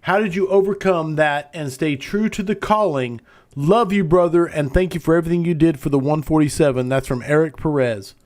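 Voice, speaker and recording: A man's voice: a little high, brisk, a little mellow. A man hosting a live-streamed interview, eagerly reading out audience questions. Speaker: host.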